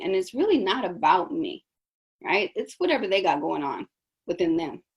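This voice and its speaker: A woman's voice: on the low side, expressive, fairly quick, slightly rough, lo-fi sound. A woman coaching business owners in a conversational session, often checking in with "right?".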